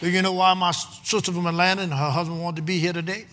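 A preacher, delivering a sermon with rhythmic call-and-response and frequent shouting. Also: male voice, high-pitched, flat delivery, quick pace, some chatter behind. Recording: long hall reverb.

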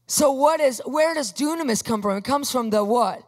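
A woman preaching a sermon in an emphatic, animated way, asking her listeners questions. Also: fairly high pitch, normal speed, hardly any pauses, big-room sound.

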